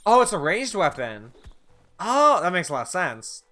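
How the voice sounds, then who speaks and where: A man livestreams a game, commenting casually with a crisp, bright, forward voice. He reacts chattily and swears now and then, and faint game music plays beneath him. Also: sits high, big pitch swings, normal speed. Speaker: streamer.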